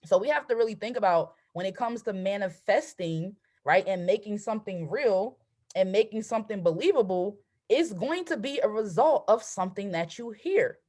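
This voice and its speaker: This trading coach, a woman in her twenties, runs a motivational live stream on a video call. She talks with emphasis at a medium pitch and keeps tacking on "right?" constantly.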